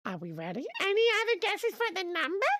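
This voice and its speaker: A man voicing a bubbly star-cat mascot, hosting a livestream guessing game with a squealing, drawn-out, bouncy delivery. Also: very high voice, huge pitch swings, pushed and bright, slight background noise, voice pushed up, heavily acted. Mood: playful. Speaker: streamer.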